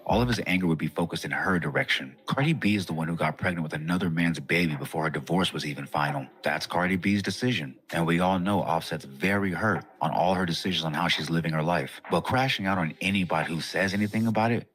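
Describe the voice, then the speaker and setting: A middle-aged man delivering scripted commentary in a measured, wry storytelling manner. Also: low voice, fairly bright tone, faint music behind.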